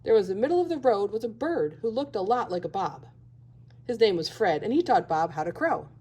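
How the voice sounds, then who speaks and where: A woman's voice: medium pitch, expressive, moderate pace, darkish tone, breathy edge. A woman reading a children's picture book aloud, expressively, acting out the animal sounds. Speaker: storybook reader.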